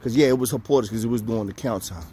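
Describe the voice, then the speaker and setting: Animated New man telling a story. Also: medium pitch, racing, slight background noise. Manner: animated, acts out quoted voices, profane street slang. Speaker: storyteller recounting jail time. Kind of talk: casual storytelling to camera.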